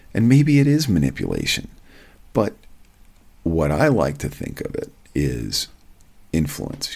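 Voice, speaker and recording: A man's voice: a bass voice, creaky, breathy edge. A man hosting his own podcast, talking plainly and casually with a wry, folksy manner. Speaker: podcast host. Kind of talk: casual solo podcast talk.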